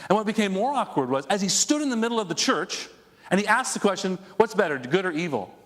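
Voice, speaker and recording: A male pastor preaching a conversational, animated sermon to his congregation, with asides to the people in the room. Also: high-pitched, quick pace. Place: church sanctuary before a congregation. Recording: long echo of a church hall.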